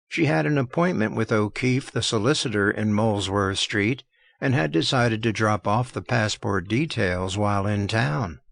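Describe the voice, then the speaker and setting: Gravelly male audiobook narrator. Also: lowish voice, fairly bright tone, dry recording, studio quality. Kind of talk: scripted narration.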